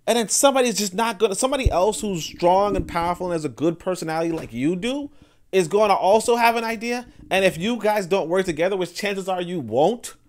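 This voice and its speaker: Rambling man, slightly high voice. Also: animated, fairly quick. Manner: rambling, full of fillers and restarts; acts out others' words in quoted asides. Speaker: podcast host. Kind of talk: casual monologue commentary.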